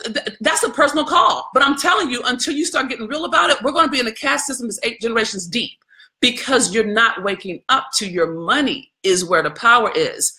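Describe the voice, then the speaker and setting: A woman with a high, bright voice and forceful tone runs a live stream of impassioned commentary. She preaches fervently in everyday language, calls her audience "y'all," and pauses between points to read viewer comments aloud.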